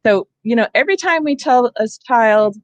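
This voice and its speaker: A woman's voice: a little high, lively intonation, moderate pace, no room sound, dull audio. Woman, teacher training talk, conversational, explanatory, dry room. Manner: explanatory, conversational, checks in with "right?". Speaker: literacy trainer.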